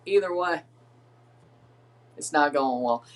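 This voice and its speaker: A man's voice: a little high, unhurried, fairly bright tone, distant mic. Chatty man, slightly off-mic. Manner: rambling, chatty, reads lineups aloud. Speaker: streamer hosting a watchalong. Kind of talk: casual live reaction chat.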